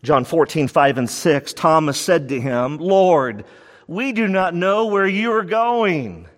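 A man preaching a sermon as pastor, fervent, with big swings between raised and hushed passages. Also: fairly high pitch, animated, slow, big-room sound.

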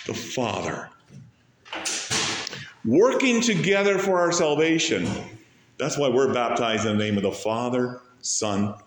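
A man preaching a sermon, swinging between loud rising peaks and soft low passages, slowing way down to stretch key phrases. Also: creaky, reverberant, slight background noise. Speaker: pastor.

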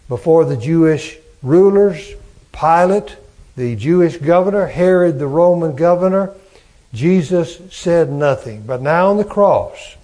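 A man preaching a sermon as pastor, slow and emphatic, building on repeated phrases. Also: on the high side, darkish tone.

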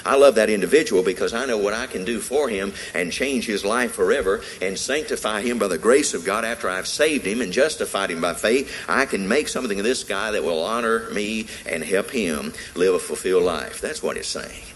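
A man's voice: fairly low pitch, a little fast, few pauses, a bit bright, a little hiss or hum, rough recording. A man preaching a sermon in a church service, emphatic and repetitive in a preacherly way. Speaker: pastor.

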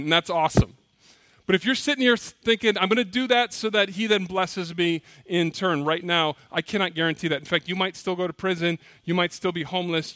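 A male pastor preaching a sermon, telling stories with lively acted-out quotes. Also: high voice, no echo. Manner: animated storytelling, acts out quoted voices. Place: church.

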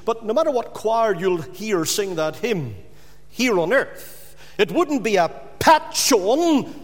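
Male preacher, high voice, emphatic sermon delivery, long hall reverb. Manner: emphatic, rising to loud repeated stresses.

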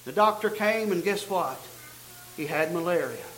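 A man preaching a sermon, telling a story and building to loud, emphatic peaks. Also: high voice, animated, moderate pace, echoey room, faint music behind, poor audio. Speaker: pastor.

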